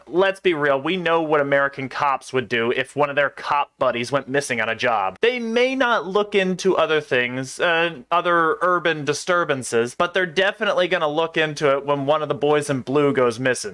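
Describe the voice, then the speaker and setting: A man's voice: on the high side, expressive, moderate pace, pushed and bright. A young man giving casual, sarcastic let's play commentary on a game. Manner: sarcastic, wry asides.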